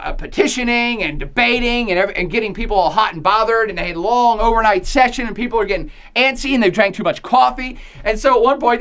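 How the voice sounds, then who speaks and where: An irreverent male lecturer keeps the tone loose and slangy. He laughs often and quizzes the class with rhetorical questions. His delivery stays animated and conversational. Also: sits high.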